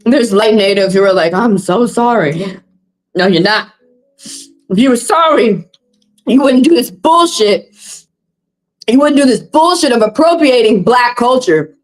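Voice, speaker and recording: Brief: higher-voiced woman, tarot livestream host, passionate and profane. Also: lively intonation, measured pace, pauses often, soft background music, low-quality recording. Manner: impassioned, profane, blunt. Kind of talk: heated livestream monologue.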